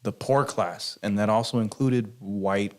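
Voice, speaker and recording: A man's voice: lowish voice, measured pace, a little mellow. A man co-hosting a casual podcast, talking in a loose, slangy way. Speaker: podcast co-host.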